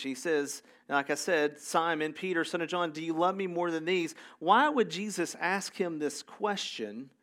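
A man's voice: fairly high pitch, fairly bright tone. A man preaching a sermon in a conversational way, reading scripture aloud and adding casual asides. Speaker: pastor.

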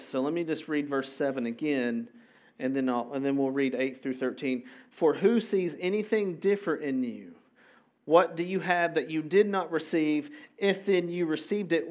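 A man's voice: fairly high pitch, a little slow. A man preaching a sermon in a loose, conversational way, often checking in with the congregation. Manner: casual and animated, with asides to the congregation. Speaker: pastor.

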